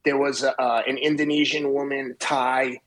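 A man in his fifties, a podcast guest telling a swearing, animated anecdote in casual chat. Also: medium pitch, normal speed. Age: 50s. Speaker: podcast guest, marathon runner.

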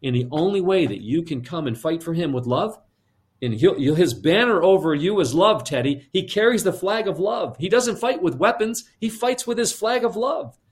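Soft-spoken older pastor, low and quiet, counselling a boy gently as a storyteller puts him on. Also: moderate pace. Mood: earnest. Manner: calm, low and hushed, counselling.

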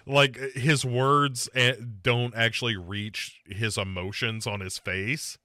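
A man hosting a casual movie podcast, his voice bright and forward. He rambles and restarts, padding his talk with fillers. The sound is dry and close, with no room around it. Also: mid-range voice, steady tone, slow, dry recording. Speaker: podcast host.

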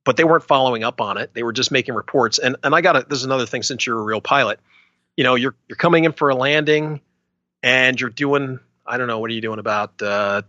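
A man's voice: mid-range voice, fast, pushed and bright, no room sound, highs cut off. A man co-hosting a casual podcast, rambling and hedging with lots of filler phrases. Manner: rambling, hedging, many "you know"s. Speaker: podcast co-host. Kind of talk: casual chat.

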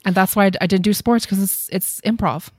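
A woman's voice: medium pitch, brisk, slightly rough, dry recording, studio quality. A woman co-hosting a casual discussion, blunt and opinionated when she makes her point. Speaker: co-host.

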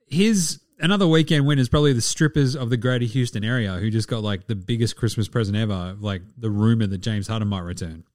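A man with an Australian accent chats about sports in a loose, crude, joking way, his pitch bouncing up and down a lot. The sound is dry and close, with no room around it. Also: no echo. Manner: profane and jokey. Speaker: podcast host. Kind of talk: casual sports chat.

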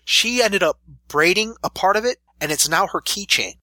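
A man's voice: high voice, moderate pace, no echo. A man in his thirties, a pro wrestler, telling stories animatedly in a casual interview. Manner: animated storyteller, laughs through stories. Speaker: professional wrestler guest.

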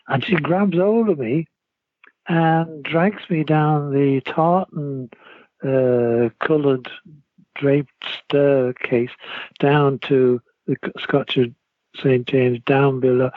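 An older man with a Liverpool accent telling rambling, lively anecdotes as an interview guest, over a tinny phone line. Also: medium pitch, slow pace, no echo. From Liverpool, England. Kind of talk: anecdotal storytelling.

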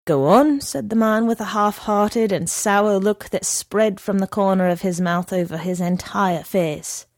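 A woman narrating a story in a measured reading voice. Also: medium pitch, little pitch movement, darkish tone, no room sound, clean studio sound. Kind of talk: audiobook reading.

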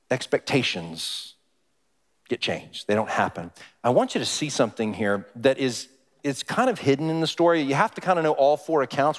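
Man preaching in a reverberant hall. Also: mid-range voice. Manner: conversational, asks the congregation questions. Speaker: pastor. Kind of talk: sermon.

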